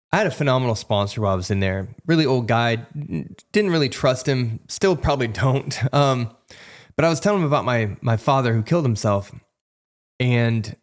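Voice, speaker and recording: A man in his thirties tells his recovery story in an unscripted, conversational way. His voice sits in an ordinary middle register, and he speaks frankly, slipping into remembered dialogue as he goes. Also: medium pitch. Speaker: guest sharing a recovery testimony. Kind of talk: candid conversational testimony.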